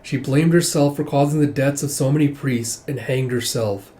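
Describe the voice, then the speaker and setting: Casual comic reviewer, male, mellow and easygoing, reads the dialogue aloud. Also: medium pitch, normal speed. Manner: paraphrases and reads quoted dialogue, "he's like". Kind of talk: casual comic read-through.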